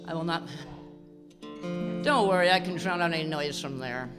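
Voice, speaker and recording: A woman's voice: low voice, normal speed, pauses often. Chatty woman folk singer with guitar. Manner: chatty, wry, laughs at herself. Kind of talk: casual stage patter between songs. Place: indoor convention concert room. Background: guitar being strummed and tuned.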